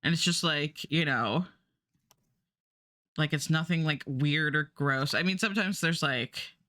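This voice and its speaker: A woman's voice: low-pitched, unhurried, pushed and bright, no echo, studio quality. A woman streamer chatting casually and rambling, with many fillers and restarts. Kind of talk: casual livestream chat.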